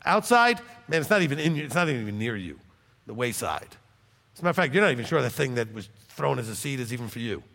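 Pastor, conversational animated sermon, lively gravelly delivery, reverberant church hall. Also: male voice, mid-range voice, fast. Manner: conversational, animated teaching with frequent "okay?" check-ins.

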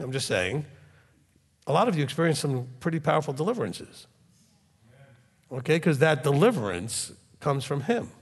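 A man delivers a sermon in a high, lively voice that swoops up for scripture readings. He asks his listeners questions and stays emphatic. A long reverb from the hall trails behind him. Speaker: preacher.

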